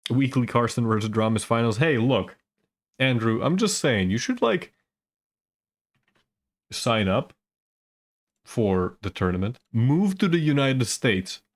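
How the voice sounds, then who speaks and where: A man's voice: medium pitch, lively intonation, a little slow, pauses often. A man doing casual live esports commentary, chatty and rambling, teasing the chat between plays.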